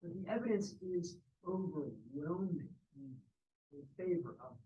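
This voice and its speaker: A man giving a university physics lecture, telling lively stories about his colleagues. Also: fairly high pitch, measured pace, narrow, tinny audio. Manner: lively storytelling, acts out quoted colleagues. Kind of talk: university lecture with personal anecdotes. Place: lecture room. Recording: distant mic with faint background noise.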